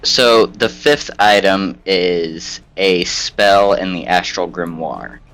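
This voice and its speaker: Slow-talking man player in a tabletop game. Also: sits low, fairly bright tone, soft background music. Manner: unsure, asking questions.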